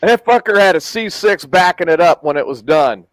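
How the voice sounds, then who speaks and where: A man with a notably high voice spins a rowdy, swear-filled yarn, laughing along as he goes. The sound is close and dry, with no room around it. He sounds like a regular on a casual talk show. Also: lively intonation, moderate pace, dry recording, poor audio. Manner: profane, rambling storyteller who laughs at his own stories. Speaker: podcast host. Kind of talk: casual storytelling chat.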